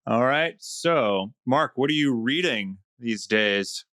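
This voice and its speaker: A man's voice: medium pitch, lively intonation, slow pace, fairly bright tone, no room sound. Guy hosting a money podcast, jokey and upbeat, mid voice, dead-dry mic. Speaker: podcast host. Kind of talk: casual finance podcast chat. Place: Brooklyn.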